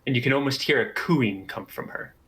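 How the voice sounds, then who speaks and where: A man narrating as game master of a tabletop game in a relaxed way, with filler pauses. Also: medium pitch, poor audio.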